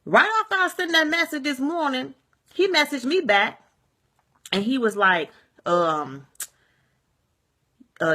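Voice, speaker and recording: Bright-voiced woman ranting on a home vlog. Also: sits high, sing-song, unhurried, pauses often. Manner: rambling and repetitive, keeps saying "you see what I'm saying", swears freely. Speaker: vlogger. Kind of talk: casual vlog rant. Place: at home at day's end, sage and candles burning.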